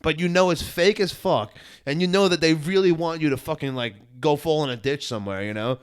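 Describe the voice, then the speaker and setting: A New York podcast co-host with a fairly high, smooth voice tells road-trip stories in casual chat, talking a little fast in an animated rush. He swears constantly and puts on mocking voices when quoting people.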